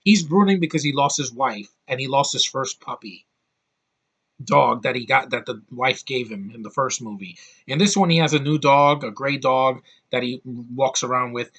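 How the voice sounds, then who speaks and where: Ranting husky American man. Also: mid-range voice, normal speed, fairly bright tone. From United States. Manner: blunt, heated, rambling with restarts. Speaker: YouTube movie reviewer. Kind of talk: ranting casual review.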